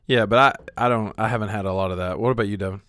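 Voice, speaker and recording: Low-voiced teasing man. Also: steady tone, rapid-fire, fairly bright tone, no room sound. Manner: teasing, joking. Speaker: podcast co-host. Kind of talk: casual chat.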